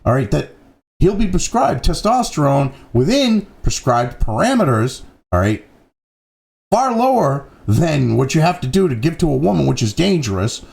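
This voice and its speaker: A man's voice: a little high, big pitch swings, moderate pace, creaky, a little mellow. A man hosting a profane, angry political commentary rant, swearing constantly and mocking opponents.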